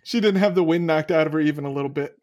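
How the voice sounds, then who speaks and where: A man's voice: fairly high pitch, racing, darkish tone. A man playing a tabletop game, joking and playful with the table. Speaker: player.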